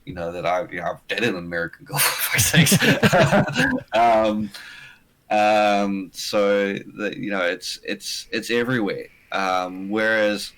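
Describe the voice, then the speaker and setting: Deep-voiced South African man, hesitant. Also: sing-song, slow pace, a bit bright, poor audio. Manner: hesitant, restarts sentences, laughs often. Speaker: guest. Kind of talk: casual chat on a stream.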